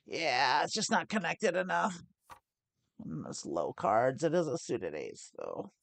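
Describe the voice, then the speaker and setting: A woman's voice: deep voice, sing-song, a little slow, creaky, no echo. A woman hosting a live poker stream, chatting through each decision and often restarting her phrases as she thinks aloud. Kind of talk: live poker play-and-explain commentary.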